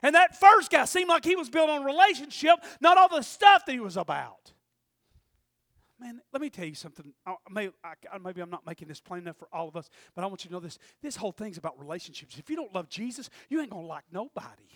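Guy preaching, really high voice, acts out the characters, dry sound. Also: fast talker, no room sound. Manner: animated storytelling, acting out voices, shouting peaks. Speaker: pastor. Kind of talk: sermon.

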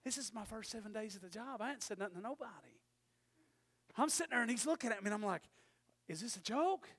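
A man in his forties preaching a sermon, telling a story animatedly and swinging from hushed asides to shouted lines, with calls of "Amen?". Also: high voice, quick pace.

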